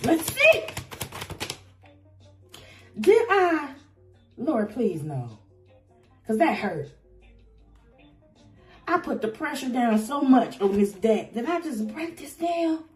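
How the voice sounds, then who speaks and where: A high, lively woman's voice with a lilt, reading tarot cards with passion and loud exclamations. She takes her time, drawing the words out. Soft music plays under her. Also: slow, long pauses. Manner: passionate, exclaiming, breaks into song. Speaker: tarot reader. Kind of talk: intuitive tarot reading to camera.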